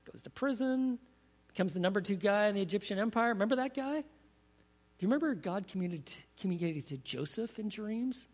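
A man preaching a sermon as pastor, animated, asking his congregation questions as he teaches. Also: high-pitched. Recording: long reverb of a large hall.

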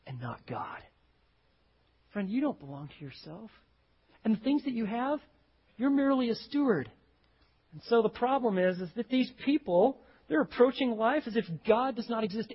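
A male pastor preaching a sermon, swinging from hushed lines to loud, acted-out quotes. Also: sits high, husky. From Texas. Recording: dull lo-fi recording.

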